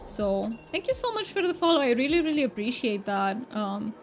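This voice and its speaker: A woman's voice: fairly high pitch, sing-song, a little fast. A woman game streamer chatting with her viewers in a playful, put-on thick Romanian accent. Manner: playful, thanks viewers often. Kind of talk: casual live-stream chat. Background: faint background music.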